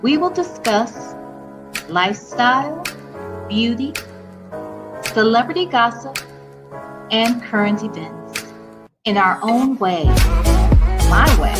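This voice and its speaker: A woman hosting a show, giving a drawn-out, sing-song recorded intro. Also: a little high, animated. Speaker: show host. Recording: voice over loud hip hop music.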